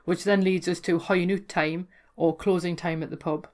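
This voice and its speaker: A woman with a broad Geordie accent talks through local words in a casual, educational way. Her voice sits a little low for a woman. She is chatty and amused and often corrects herself partway through a sentence. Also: fairly even intonation, moderate pace, darkish tone. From North East England. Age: adult, worked in London before. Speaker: folklore blogger explaining dialect.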